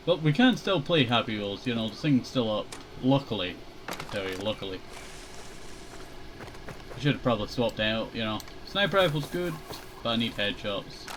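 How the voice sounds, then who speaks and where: A man's voice: mid-range voice, noisy background. A young man casually chatting while playing a shooter game, laid-back and rambling, chuckling often. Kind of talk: casual gaming commentary.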